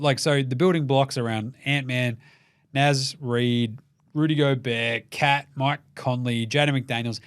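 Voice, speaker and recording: A man's voice: medium pitch, no echo, studio quality. A man with an Australian accent hosting a comedic sports show, swearing freely and acting out the people he talks about. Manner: swears freely, acts out quoted people mid-rant. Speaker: host.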